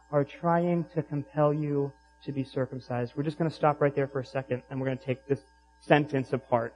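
A man preaching a sermon in an animated, emphatic way, with rhetorical questions to the congregation. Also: medium pitch, rough recording. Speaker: pastor.

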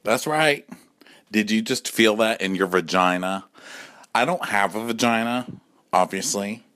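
A man's voice: fairly low pitch, unhurried, a bit bright. A man in his forties, drunk, delivering a campy, sassy comic rant that keeps slipping into acted-out voices. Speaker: caller leaving a voice message.

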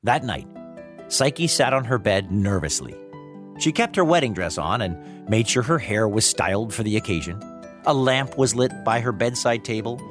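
Man, story narrator, lively expressive pitch, playful, faint music underneath. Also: moderate pace. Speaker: host and narrator.

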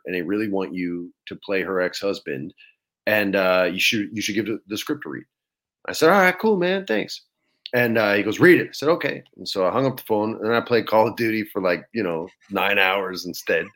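Animated storytelling man. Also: lowish voice, fairly quick. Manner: animated, swears casually, acts out quotes. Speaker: actor guest. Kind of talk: casual storytelling.

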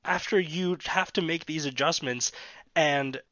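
A man with a bright, forceful, slightly high voice vents frustration in emphatic podcast chat. His voice sounds dry and a bit muffled, with no room echo. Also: measured pace. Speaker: podcast co-host. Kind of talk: casual sports chat.

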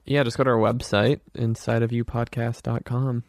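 A man's voice: mid-range voice, flat delivery, normal speed, no echo. Dry teasing co-host man. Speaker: podcast co-host. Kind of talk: casual chat.

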